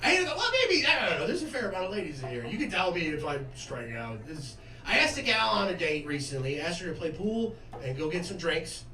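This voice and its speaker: A man's voice: on the high side, sing-song, a little fast, hardly any pauses, pushed and bright. A man in his twenties doing a stand-up comedy set, jovial, crude and self-mocking. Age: 20s. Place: comedy club stage. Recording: roomy club sound from a distance with audience laughter.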